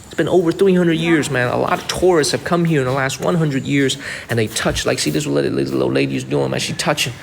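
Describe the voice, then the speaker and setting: A man's voice: mid-range voice, expressive, a little fast, creaky, long reverb tail, slight background noise. A man live-streaming a tour of a historic site, chatting, repeating himself and thanking viewers by name. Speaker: livestreaming travel vlogger. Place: outdoors at a historic mausoleum site.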